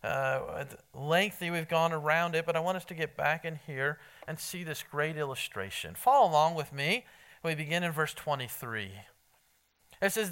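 A man's voice: a little high, moderate pace, pushed and bright, clean tone. A man preaching an evening sermon in a conversational, emphatic way, quizzing his congregation. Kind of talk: evening sermon with Bible reading.

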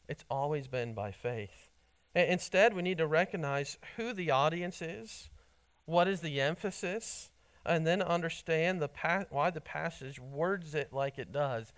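A man with a fairly high voice preaches to his congregation. He teaches in an earnest, steady way and leans hard on key words, sometimes repeating them for emphasis. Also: clean tone. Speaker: pastor. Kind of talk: sermon.

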